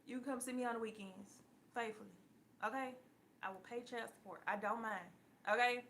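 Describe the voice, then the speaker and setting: A woman giving a blunt, profane casual talk to her viewers as a tarot reader, laughing often and getting loud at times. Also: a little high, fairly even intonation, a little fast, slight background noise.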